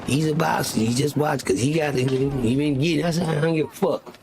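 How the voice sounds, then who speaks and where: A middle-aged man from West Texas, telling stories in an animated way on a livestream and acting out the people he quotes. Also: brisk. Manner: animated storyteller, acts out quoted people in a loud high voice. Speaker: livestream host. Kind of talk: casual storytelling. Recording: noisy livestream audio.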